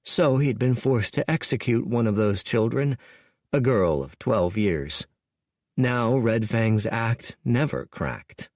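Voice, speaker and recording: A man narrating an audiobook in a wry, measured storytelling manner. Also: mid-range voice, lively intonation, no room sound, studio quality.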